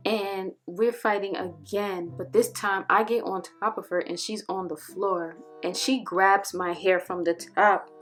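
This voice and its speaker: A young woman talks straight to her viewers in a casual storytime, her voice sitting at an ordinary middle pitch. Her delivery is animated and full of slang, and she acts out what people said to her. Soft music plays faintly underneath. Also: measured pace. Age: young adult. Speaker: vlogger.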